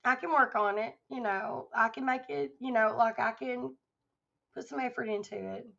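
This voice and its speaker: Tired gravelly-voiced woman livestreamer. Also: a little high, moderate pace, bright, forceful tone. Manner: affectionate, rambling, laughs often. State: tired, voice starting to go. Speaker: livestream host. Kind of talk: casual livestream chat with viewers. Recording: dull lo-fi stream audio.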